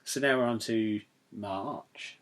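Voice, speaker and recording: A young Englishman hosts a podcast in a lowish, slow voice, chatting casually and jokily and rambling off into one digression after another.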